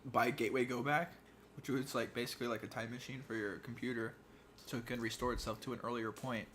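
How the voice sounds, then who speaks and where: A young man co-hosting a relaxed podcast from his apartment, telling stories with loose slang. He acts out quotes, and a faint hum sits in the background. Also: mid-range voice, fast talker. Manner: animated storytelling with slang. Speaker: podcast co-host. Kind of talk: casual chat.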